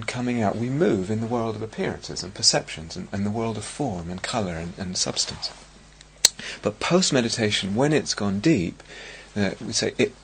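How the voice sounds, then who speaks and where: Slow, gravelly-voiced man giving a dharma talk. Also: lowish voice, a little hiss or hum. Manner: slow, searching, with many pauses and restarts. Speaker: meditation teacher.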